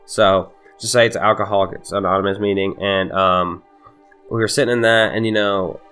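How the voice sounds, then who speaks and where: A man's voice: fairly low pitch, fairly even intonation, normal speed, a bit bright, smooth, faint music behind. A young man telling a heated storytime with lots of swearing and laughter. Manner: profane, laughing, heated retelling. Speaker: vlogger. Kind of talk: casual storytime.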